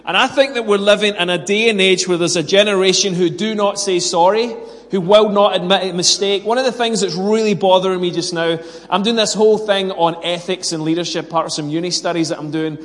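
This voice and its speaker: A man's voice: sits high, fairly even intonation, a little fast, long reverb tail. A British man preaching a sermon with prayer and personal stories, earnest and self-deprecating, acting out bits of dialogue. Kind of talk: sermon with scripture reading, prayer and personal story.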